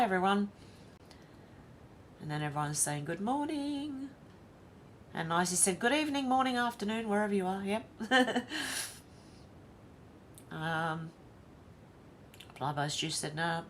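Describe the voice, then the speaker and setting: A woman's voice: medium pitch, expressive, measured pace, pauses often, a little hiss or hum. An Australian woman hosting a casual livestream, chatting and reading viewer comments aloud one by one. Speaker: livestream host.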